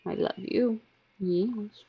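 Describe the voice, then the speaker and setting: A woman's voice: medium pitch, takes it slowly, gravelly, dark tone, slightly rough. A woman live streamer playing a game and chatting in doting baby talk to her cat. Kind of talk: casual chat while gaming.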